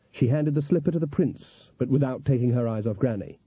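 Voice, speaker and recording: A man narrating a story in an even, measured storytelling voice. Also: medium pitch, breathy edge, no echo. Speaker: audiobook narrator. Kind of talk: scripted narration. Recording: dull, dry lo-fi recording.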